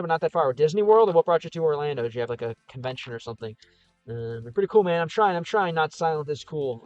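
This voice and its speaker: A man's voice: a little high, clean tone, dry recording, dull audio. A man with a Chicago Midwest accent hosting a casual livestream, reading comments in a rambling, upbeat and encouraging way with lots of fillers. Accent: Chicago, American Midwest. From American Midwest.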